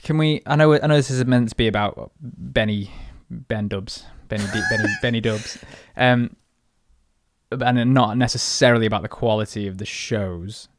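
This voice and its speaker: A man's voice: medium pitch, normal speed. A man with a northern English accent, chatting casually and rambling as a podcast co-host. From northern England. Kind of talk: casual chat.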